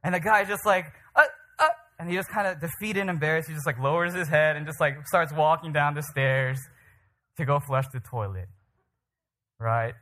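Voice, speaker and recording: A man preaching a sermon, telling stories in an animated way and often checking in with the listeners. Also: on the high side, normal speed, slight background noise. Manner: animated, checks in with "right?" and "okay?". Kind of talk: sermon with storytelling.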